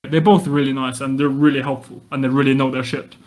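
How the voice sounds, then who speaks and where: A man as a podcast guest, speaking low-key and quietly giving recommendations. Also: completely flat delivery, fast. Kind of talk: casual podcast chat.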